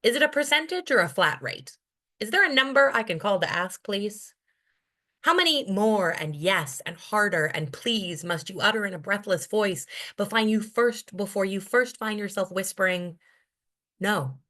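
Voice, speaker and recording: A woman's voice: mid-range voice, animated, moderate pace, pushed and bright. A woman performing her spoken-word poetry as the featured poet at an open mic, in a rhythmic, rhyming, intense delivery. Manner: wry, self-deprecating asides between poems.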